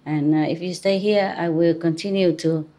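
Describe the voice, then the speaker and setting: Speaking at a moderate pace in a lowish, steady voice against a noisy background, a woman spiritual teacher gives an informal talk to an audience. She chats, teases, and laughs often, using non-native English phrasing since English isn't her first language.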